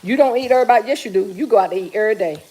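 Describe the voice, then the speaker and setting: A woman's voice: mid-range voice, very fast, mellow. A middle-aged woman hosting a casual live stream from her kitchen while cooking, reading viewer comments aloud and teasing them in an easygoing talky way. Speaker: livestream host.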